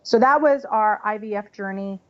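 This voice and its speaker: A woman in her thirties, a podcast guest telling a personal story in a chatty, animated way, full of "like" and "you know". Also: medium pitch, normal speed. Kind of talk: casual storytelling interview. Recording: slightly dull podcast audio.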